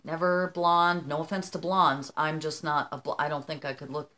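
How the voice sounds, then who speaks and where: A woman in her fifties chatting casually to her viewers at home, animated and talkative, often calling them "you guys". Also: low voice, moderate pace. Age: 50s. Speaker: vlogger. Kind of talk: casual chat to camera.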